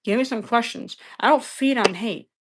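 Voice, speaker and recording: A woman's voice: fairly high pitch, normal speed. Woman streamer, combative and profane, scolding her chat, keeps repeating herself. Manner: repeats phrases over and over. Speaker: livestream debater. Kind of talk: heated livestream argument with chat.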